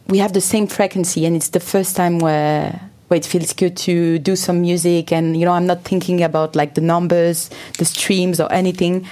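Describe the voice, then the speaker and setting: Woman musician chatting in english, not her first language, warm low voice, lots of likes and uhs. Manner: searching for words, frequent fillers. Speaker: musician guest. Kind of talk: casual interview chat.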